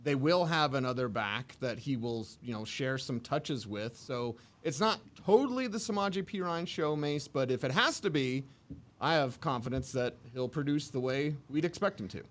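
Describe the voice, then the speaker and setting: A man's voice: mid-range voice, lively intonation, normal speed, fairly bright tone. A man hosting a sports radio show, giving confident, upbeat takes on football players.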